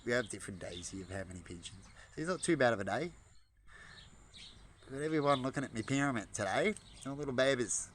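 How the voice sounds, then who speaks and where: A man chatting casually outdoors by a bird-feeding spot, rambling and breaking into high, excited baby talk to the birds. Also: fast talker, slight background noise. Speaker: vlogger. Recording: outdoor audio with birdsong behind. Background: birds chirping.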